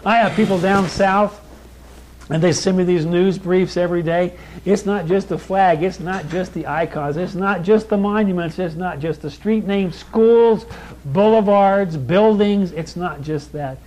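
A man preaching a sermon in a plain American voice, emphatic, building lists with rising stress and slowing down for key lines. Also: high-pitched, a little mellow, rough recording. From born in Kentucky, raised in California.

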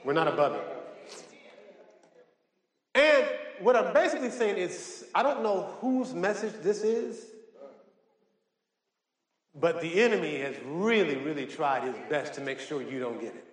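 High-voiced preacher in an echoey church. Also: male voice, lively intonation. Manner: reads scripture slowly and emphatically, rising in pitch; directs the congregation to underline words. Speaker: pastor. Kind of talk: sermon with scripture reading. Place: church sanctuary.

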